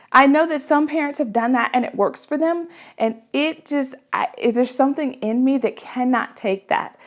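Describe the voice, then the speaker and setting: A woman, a mother, giving parenting advice in an earnest, conversational way, often checking in with the listener. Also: fairly high pitch. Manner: earnest and conversational, with frequent "right?" asides. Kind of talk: casual advice talk.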